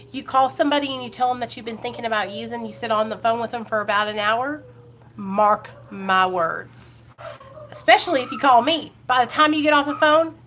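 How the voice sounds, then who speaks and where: A woman's voice: a little high, a bit bright, slight background noise. Earnest woman vlogger urging viewers. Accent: Ohio. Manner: earnest, encouraging, talks straight to viewers. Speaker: recovery vlogger. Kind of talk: casual live-stream chat.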